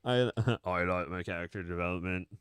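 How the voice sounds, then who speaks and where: A man's voice: low-pitched, moderate pace, a bit bright, clear, resonant tone, no echo. A man co-hosting a casual live stream, giggly and laughing often between lines. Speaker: co-host.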